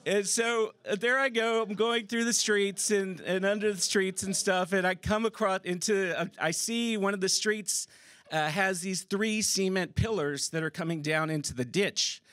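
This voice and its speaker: High-voiced man telling a story on stage. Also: normal speed, dry recording. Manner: animated, casual, swears, laughs through the story. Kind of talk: live personal storytelling. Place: theater stage before a live audience. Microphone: stage microphone.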